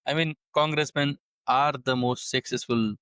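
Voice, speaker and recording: A man's voice: medium pitch, steady tone, normal speed, a bit bright, clean tone, dry recording. Hesitant man hosting, dry sound. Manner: hesitant, searching for words, many fillers. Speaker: podcast host. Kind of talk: conversational interview.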